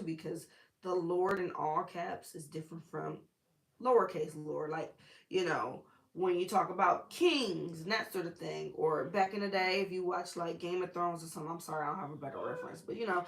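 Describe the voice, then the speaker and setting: A woman's voice: lowish voice, normal speed, a little hiss or hum. A woman hosting a casual Bible study, who talks in a chatty, informal way with slang and side remarks. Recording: echoey room.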